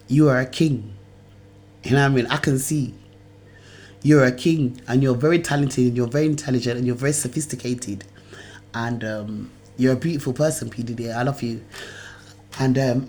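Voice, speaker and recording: A woman's voice: extremely low pitch, darkish tone. Agitated ranting woman, swearing freely. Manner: agitated, rambling, swears often, repeats herself. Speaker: video blogger. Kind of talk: ranting monologue to camera.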